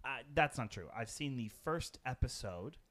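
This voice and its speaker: A man co-hosting a relaxed movie podcast, his voice bouncing up and down as he reacts. He laughs often and tosses off quick asides while the film plays. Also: mid-range voice. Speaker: podcast co-host. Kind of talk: casual movie watch-along chat.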